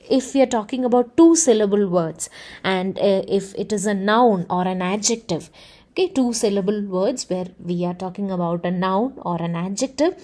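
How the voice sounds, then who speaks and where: A woman giving a lesson on speech sounds. Her voice is mellow and dark in tone, sitting at a middle pitch. She explains in a measured, patient way and checks in with the class as she goes. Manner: measured, explanatory, filler "uh" and "okay". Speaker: teacher. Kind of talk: explaining phonetics.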